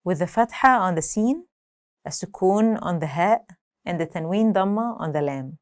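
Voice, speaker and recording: A woman giving a scripted language lesson, speaking clearly and deliberately, slowing down to say example words. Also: lowish voice, expressive. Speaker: language teacher.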